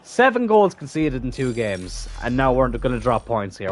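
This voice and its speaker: A young man commentating his own football video game match as a streamer, swinging from calm remarks to frustrated, swearing outbursts. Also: medium pitch, normal speed, few pauses. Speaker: gaming streamer. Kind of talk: live gameplay commentary.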